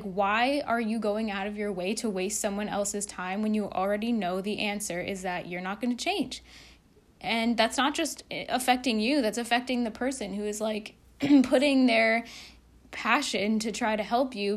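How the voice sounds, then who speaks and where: A woman of middle pitch talks straight to her viewers in a loose, unscripted way. She rambles frankly, leans on "like" and "you know," and swears now and then when she gets fired up. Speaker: vlogger. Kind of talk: candid casual monologue.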